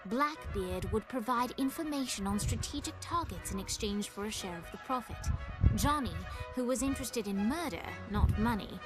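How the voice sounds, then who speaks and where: A woman's voice: fairly high pitch, expressive, normal speed, close to an everyday voice, poor audio. A woman giving scripted video game story narration with a dry, sardonic delivery. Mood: wry. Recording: game audio over loud music.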